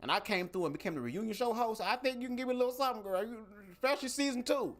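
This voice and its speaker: Animated, profane man talking to camera. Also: extremely high pitch, racing. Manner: animated, profane, talks straight to viewers. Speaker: livestream host. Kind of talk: casual livestream monologue. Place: home setup, speaking to camera. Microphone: desk microphone.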